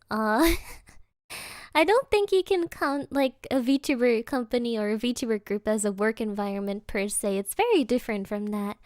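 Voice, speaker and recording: A woman's voice: high-pitched, dry recording, studio quality. A young woman VTuber streamer from Germany, telling a story in casual chat, giggling mid-sentence and dropping Japanese interjections.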